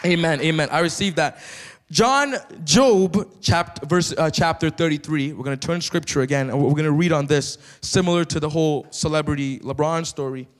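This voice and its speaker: A man preaching a sermon in church with lively energy, often turning to the congregation with questions. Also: on the high side, moderate pace. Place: church sanctuary. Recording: long reverb of a church hall.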